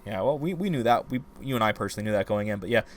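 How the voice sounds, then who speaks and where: A man co-hosting a podcast, casually discussing a novel and retelling its scenes in an animated, ranting way. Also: fairly low pitch, racing, slight background noise. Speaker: podcast co-host.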